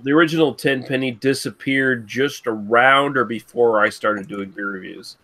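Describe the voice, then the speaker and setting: A man's voice: medium pitch, moderate pace, pushed and bright. A man who reviews beer, chatting loosely and with plenty of swearing on an online video call. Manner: loose, profane banter. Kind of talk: casual chat.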